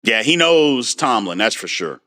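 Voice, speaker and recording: A man hosting a casual sports livestream, animated and frustrated as he answers viewers' comments by name. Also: medium pitch, measured pace. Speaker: sports talk host.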